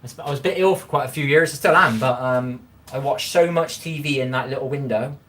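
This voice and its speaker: A man's voice: medium pitch, fast talker, a bit bright, slight background noise. Rambling man chatting on a livestream. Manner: rambling, chatty, repeats himself, talks straight to viewers. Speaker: livestream host reading chat. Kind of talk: casual live-stream chat while cooking.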